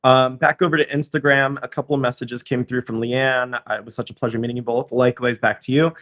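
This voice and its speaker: A man's voice: mid-range voice, level tone, fast talker, fairly bright tone, lo-fi sound. Easygoing man reading viewer comments. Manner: easygoing, agreeable, reads comments aloud. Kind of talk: casual live-stream chat.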